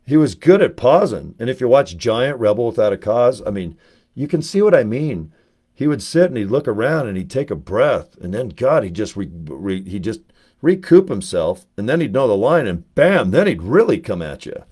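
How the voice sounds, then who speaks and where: A man talking casually to camera, telling rambling, animated anecdotes as a network marketer. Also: medium pitch, normal speed, husky.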